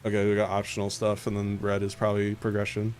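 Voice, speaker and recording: A man's voice: fairly low pitch, monotone, quick pace, darkish tone, a little hiss or hum. A man streaming a game, talking to his chat in a dry, jokey way. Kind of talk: casual game commentary.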